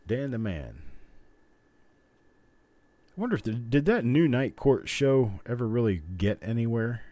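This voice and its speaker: A man's voice: medium pitch, expressive, normal speed, warm tone, dry recording. A middle-aged man hosting a coin roll hunting livestream, rambling and joking as he goes, chuckling often. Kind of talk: casual live-stream chat.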